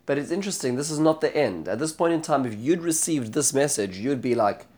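A man teaching a scripture class in a lively, animated way. His voice sits at an ordinary middle pitch. He often stops, restarts and corrects himself as he explains. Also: brisk. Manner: animated, dramatic when retelling speeches; frequent restarts and self-corrections. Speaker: Bible teacher. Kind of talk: spoken lecture on scripture.

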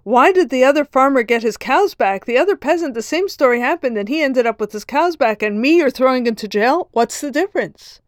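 Woman doing a shrill panicked peasant. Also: expressive, brisk, few pauses, no echo, studio quality. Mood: pleading. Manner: shrill, protesting. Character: panicked, pleading male peasant farmer.

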